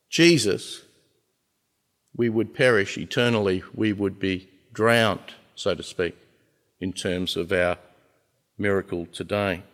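Pastor preaching in a reverberant hall. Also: male voice, mid-range voice, fairly bright tone. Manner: earnest, with emphatic pauses and swells in volume. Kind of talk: sermon. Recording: long reverb of a large hall.

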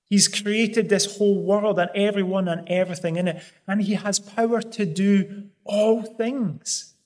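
A man preaching a sermon in an earnest, pleading way, pressing hard on key phrases. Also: high-pitched.

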